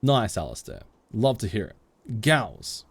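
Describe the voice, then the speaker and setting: A man's voice: lowish voice, very animated, measured pace, a little mellow, no echo. Playful man streaming and reading chat. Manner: playful, jokey, reads chat aloud. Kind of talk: casual live-stream chat with viewers.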